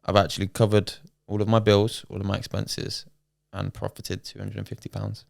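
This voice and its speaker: A man's voice: fairly low pitch, completely flat delivery, moderate pace, creaky, no room sound, clean studio sound. A young man co-hosting a podcast, bantering casually and swearing freely. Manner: laid-back banter, swears and laughs often. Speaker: podcast co-host. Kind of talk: casual chat.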